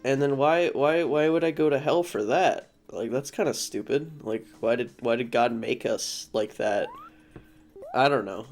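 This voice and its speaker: A man's voice: medium pitch, a little slow, faint music behind. Rambling young man telling a personal story. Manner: rambling, swears casually, many restarts and fillers. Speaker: vlogger. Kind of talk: casual storytelling monologue.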